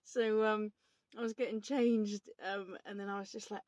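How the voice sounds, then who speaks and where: A woman's voice: medium pitch, fairly even intonation, brisk, no room sound. Chatty woman vlogging from a van. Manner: chatty, swears freely. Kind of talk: casual vlog chat. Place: inside her camper van.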